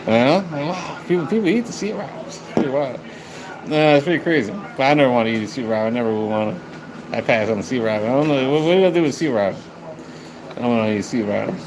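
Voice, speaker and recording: A man's voice: medium pitch, fast. A man chatting on a live stream, rambling and swearing as he talks to his viewers. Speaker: livestreamer. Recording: noisy background.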